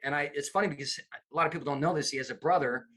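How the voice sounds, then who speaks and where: Racing along in a voice on the high side, a middle-aged American comedy producer spins casual stories during an interview. He's lively and imitates the voices of the people in his anecdotes.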